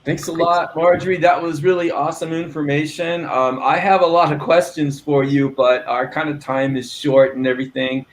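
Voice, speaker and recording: Excited guy hosting a tech conference, high voice, rambly, lots of ums. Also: normal speed, hardly any pauses, a little hiss or hum. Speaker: conference host. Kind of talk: casual live-stream hosting.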